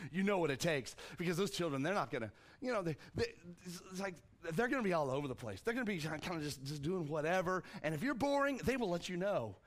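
A middle-aged man with a voice a bit higher than most men preaches a sermon. He talks loosely, stumbling over and repeating words. He acts out the scripture quotes with big leaps in pitch. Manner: restarts and repeats words often. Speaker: pastor.

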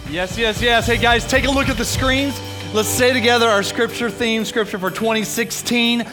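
With music playing behind him, a pastor with a very high voice energetically rallies his congregation to read aloud from the platform at a moderate pace, ahead of introducing a guest speaker.

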